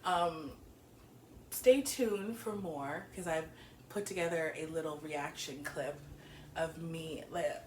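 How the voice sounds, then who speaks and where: A woman's voice: low voice, takes it slowly, slight background noise. A woman recapping a TV episode in a casual, chatty way, giggling often and slap-happy from being up early. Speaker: TV show reviewer. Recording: echoey room.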